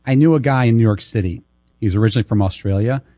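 A man co-hosting a sports radio show who tells anecdotes and drops dry, deadpan one-liners. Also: fairly low pitch, very fast, no echo. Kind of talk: casual sports radio banter.

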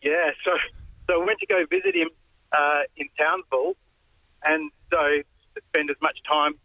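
A man calling in to a radio show, telling a story haltingly with many fillers. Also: on the high side, wildly swooping pitch, gravelly, pushed and bright, no room sound, rough recording. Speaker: radio caller. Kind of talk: casual storytelling on the phone.

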